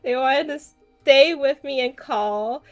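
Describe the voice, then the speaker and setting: A woman's voice: high voice, takes it slowly, dull audio, faint music behind. A woman co-hosting a podcast, telling a story in casual chat, often laughing, swearing and restarting her sentences. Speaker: podcast co-host.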